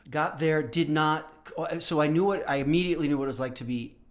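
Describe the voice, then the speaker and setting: A man in his fifties, a professor and podcast guest, telling stories in casual conversation and clearing his throat now and then. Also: fairly high pitch, fairly quick. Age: 50s. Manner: storytelling, often clears throat.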